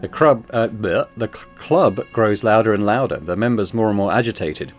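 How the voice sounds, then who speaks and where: A man's voice: fairly low pitch, normal speed, faint music behind. A man playing a tabletop game solo and narrating it, groaning and swearing at his dice rolls.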